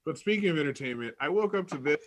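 A man co-hosting a podcast in casual chat, telling a story with animated enthusiasm. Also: on the high side, fast talker. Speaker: podcast co-host.

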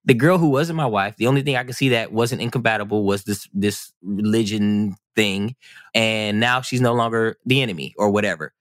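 Guy on a podcast, low voice, talks fast and rambles, kinda self-mocking. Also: dry recording, studio quality. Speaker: podcast guest. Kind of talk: casual storytelling chat.

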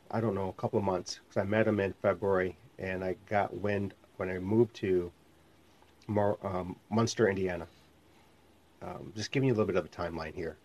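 Recording from a home studio called the lab, this minister and podcast host rambles conversationally as he teaches, frequently correcting himself. His voice is on the low side, with a darkish tone, and the lo-fi sound is slightly muffled.

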